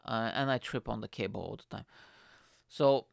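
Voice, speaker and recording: Man, gravelly yet smooth voice, dry close sound, rambling casual storytelling, swears a lot. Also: lowish voice, moderate pace, no echo. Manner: rambling, profane, animated quotes. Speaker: stand-up comedian.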